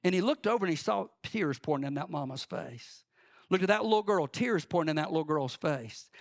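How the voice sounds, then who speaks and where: High-voiced impassioned preacher. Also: male voice, animated, brisk. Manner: impassioned, rising and falling preaching cadence. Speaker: pastor. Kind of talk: sermon.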